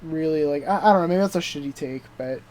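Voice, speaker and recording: A young adult man co-hosting a podcast, excitedly recapping a TV show in casual chat, full of swearing and "dude" and "like" fillers. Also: fairly high pitch, fast talker, a little hiss or hum. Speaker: podcast co-host.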